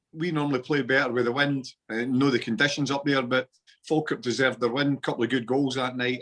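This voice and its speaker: A man's voice: medium pitch, fairly bright tone. A Scottish man in his forties chats as a podcast guest and tells football stories in plain local slang. His voice sits in the middle of the male range, and he talks easily and at length. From Scotland. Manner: chatty storytelling with local slang. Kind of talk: casual chat.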